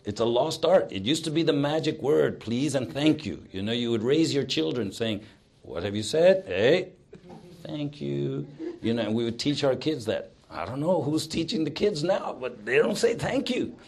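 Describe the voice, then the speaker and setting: A man delivering a sermon at a middle pitch. He moves from raised, emphatic exhortation down to quiet, prayerful murmurs. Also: expressive, normal speed, few pauses, slightly rough. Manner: emphatic, swings between loud exhortation and hushed prayer. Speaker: preacher.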